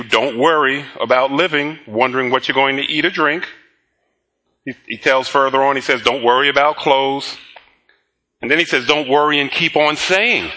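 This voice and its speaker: A man's voice: mid-range voice, bright, forceful tone. A middle-aged male pastor preaching a sermon, telling stories with laughter and acting out both sides of conversations. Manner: storytelling with laughs and acted-out dialogue.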